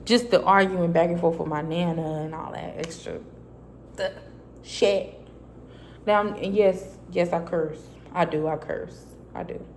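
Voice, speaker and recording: A woman's voice: fairly low pitch, steady tone, unhurried, a little hiss or hum. A woman vlogger telling a personal faith testimony in a casual, chatty way, acting out her own dialogue as she goes. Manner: casual, loose and chatty with many fillers. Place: a quiet private space.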